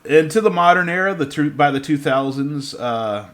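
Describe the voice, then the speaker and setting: A man's voice: fairly high pitch, lively intonation, normal speed, fairly bright tone. A man in his thirties co-hosting a casual podcast, rambling and correcting himself, laughing often. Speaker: podcast co-host.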